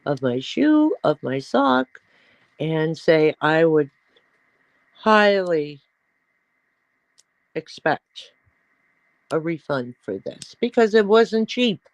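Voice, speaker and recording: Woman, middle-aged, livestream host, rambling chat, slow and unhurried, lowish voice, dry close sound. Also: sing-song, dry recording, poor audio. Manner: chatty, rambling, coos at her pets in a high voice.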